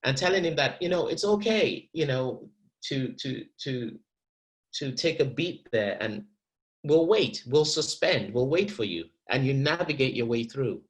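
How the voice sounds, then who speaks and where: A man coaching actors through verse in a masterclass, animated and encouraging. He often repeats a word while searching for the next thought, and his voice sits at an ordinary middle pitch. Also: measured pace, rough recording. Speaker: acting teacher.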